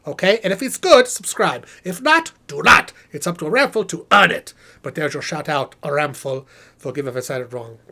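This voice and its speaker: Heavily acted at a moderate pace, a fairly high-pitched man performs a self-important male puppet professor hosting a live stream Q&A. The host is chatty, theatrical and animated, full of rambling asides, and sounds breathless and exhausted.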